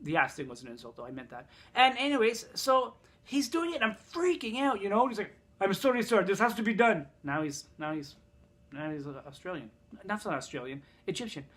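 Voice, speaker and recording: A man's voice: high voice, big pitch swings, fairly quick, a bit bright, husky. A man telling a story in a casual vlog, rambling, swearing and sarcastic, in pain from a broken thumb. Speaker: vlogger.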